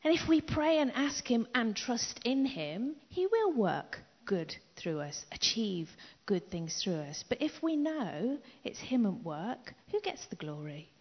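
A middle-aged woman preaching a sermon in an emphatic way, repeating key phrases and dropping into soft asides. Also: on the high side, sing-song, unhurried, hardly any pauses. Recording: dull echoey hall recording.

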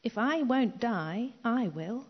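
Animated woman preaching in an echoey hall. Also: fairly high pitch, takes it slowly, breathy edge. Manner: emphatic, repeats key phrases, drops to soft asides. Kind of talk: sermon. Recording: dull echoey hall recording.

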